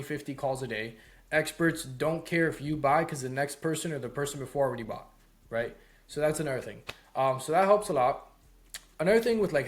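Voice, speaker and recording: A young man in his home office giving a casual lesson on sales calls, talking loosely with lots of "like" and "right?". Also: mid-range voice. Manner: loose, conversational, heavy on "like" and "right?". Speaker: sales course instructor.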